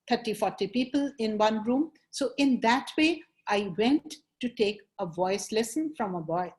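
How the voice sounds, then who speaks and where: A woman's voice: mid-range voice, darkish tone. Indian English woman, trainer teaching a webinar class, stresses words in acted-out examples. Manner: acts out example sentences with shifting emphasis. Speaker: image consultant and webinar trainer. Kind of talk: webinar lecture.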